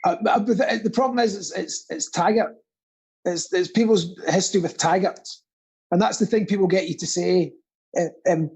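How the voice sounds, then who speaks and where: A man's voice: high voice, normal speed, creaky, a little mellow, slightly rough, poor audio. A Scottish man hosting an online quiz in casual, playful banter, often stumbling and repeating his words. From Scotland. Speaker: quiz host.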